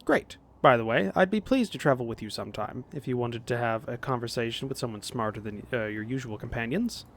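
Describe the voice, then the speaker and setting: A man's voice: medium pitch, lively intonation, fairly quick, hardly any pauses, slight background noise, close to an everyday voice. A man voicing a smug, self-important male writer in a video game, in his own voice.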